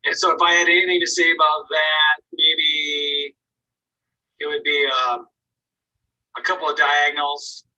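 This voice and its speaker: Man, painting teacher, bright tense voice, fairly high, casual encouraging critique, distant mic. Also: completely flat delivery, a little slow, long pauses, highs cut off. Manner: encouraging, informal, thinks aloud. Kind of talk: casual critique in an online art class. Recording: voice from away from the mic.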